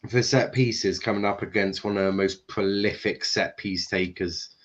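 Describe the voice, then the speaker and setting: A man's voice: deep voice, fairly even intonation, normal speed. Man, football stream host, casual chat, slightly muffled lo-fi audio. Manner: chatty, swearing, mimics frustrated shouting.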